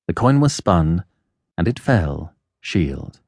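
A man narrating a classic novel in a measured, lowered storytelling voice. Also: sing-song, darkish tone, no room sound, clean studio sound. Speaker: audiobook narrator.

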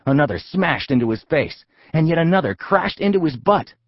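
Male narrator, husky voice, animated pitch, playful kids' storytelling, dry muffled recording. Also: normal speed, dry recording. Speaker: audiobook narrator. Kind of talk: comic kids' audiobook narration.

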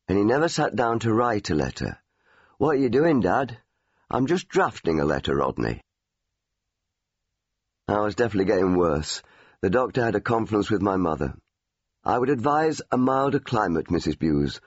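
A man's voice: deep voice, breathy edge, no echo. An older man from England reading his own memoir as an audiobook, telling it in a wry, storytelling way. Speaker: memoir narrator. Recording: dull, dry studio recording.

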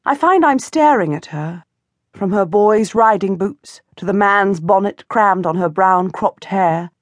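Female audiobook narrator, mid pitch, measured and expressive, dry studio read. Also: no room sound. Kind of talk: scripted first-person narration. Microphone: close studio mic.

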